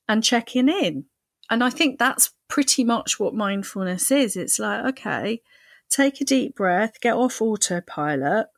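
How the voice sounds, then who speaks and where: Woman, podcast co-host, casual and animated, dry close sound. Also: on the high side, no room sound. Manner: chatty, animated, with playful voices for quoted thoughts. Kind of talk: casual chat.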